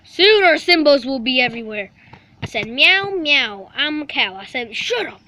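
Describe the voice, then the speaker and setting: A woman's voice: sits high, very animated, normal speed, bright, forceful tone, a little hiss or hum, heavily acted. A woman voicing a scheming house cat who boasts grandly about ruling the world in a playful home video. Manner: grandiose villain boasting, easily distracted.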